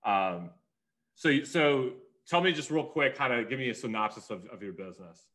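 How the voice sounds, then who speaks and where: Man, casual interview host, self-deprecating, mid-pitch voice. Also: lively intonation, normal speed, sharp tone. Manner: easygoing, self-deprecating, hesitant. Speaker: podcast host.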